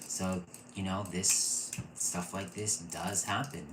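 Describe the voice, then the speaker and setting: Low-voiced guy gushing through an online class, laughs a lot, faint hiss behind. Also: takes it slowly. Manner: gushing and excitable, laughs often. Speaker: intuitive reading teacher. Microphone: computer mic, off camera. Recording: echoey room with faint noise.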